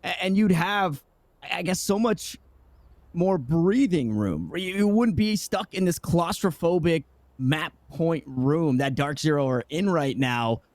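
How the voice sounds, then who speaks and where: A man casting an esports match with play-by-play commentary, talking in excited bursts with frequent restarts. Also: a little high, a little slow, no room sound. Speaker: esports caster.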